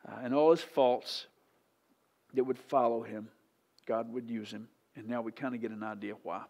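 A male pastor preaching a sermon in church, animated and often questioning the congregation directly. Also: mid-range voice, moderate pace, gravelly. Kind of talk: sermon teaching.

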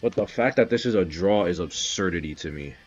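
A man streaming casual live commentary on a game match, excitable and swearing, bursting into loud shouts. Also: low-pitched, brisk, highs cut off, faint music behind.

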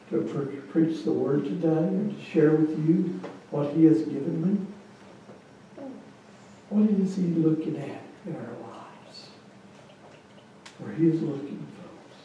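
Male pastor, slow earnest sermon, mellow voice, echoey sanctuary miked from afar. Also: on the high side, a little hiss or hum. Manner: earnest, pleading invitation to come forward. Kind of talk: sermon and communion liturgy. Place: church sanctuary. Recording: echoey church from a distant mic.

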